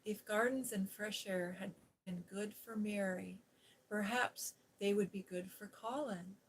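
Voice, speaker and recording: Soft-spoken woman reading a bedtime story. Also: medium pitch, fairly even intonation, unhurried, slight background noise, poor audio. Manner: gentle, soothing, slips into whispered asides. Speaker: storybook reader and ASMR host.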